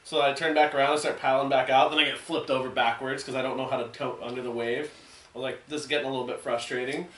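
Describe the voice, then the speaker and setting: A podcast host from San Diego chats loosely and tells light, self-mocking stories. His voice is mid-pitched and easygoing. It sounds roomy and off-mic. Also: fast, far from the mic. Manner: relaxed, joking anecdotes. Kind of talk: casual podcast chat.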